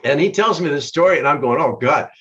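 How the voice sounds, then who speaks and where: An older man with a fairly high voice spins a rambling road story as a guest, breaking into laughter between sentences. The sound is dull and lo-fi. He talks casually and animatedly. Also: animated, fast talker, fairly bright tone. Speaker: guest musician.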